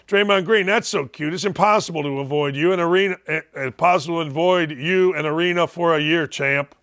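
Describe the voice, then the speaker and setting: Older man, sports talk host, high voice, blunt, mocking, loud jabs and low mutters. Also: fairly quick, hardly any pauses. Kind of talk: opinionated sports talk rant.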